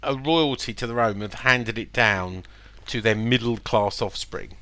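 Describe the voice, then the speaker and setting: A man co-hosting a casual chat, teasing his partner with quick banter. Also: mid-range voice, sharp tone. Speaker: co-host. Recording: audible background noise.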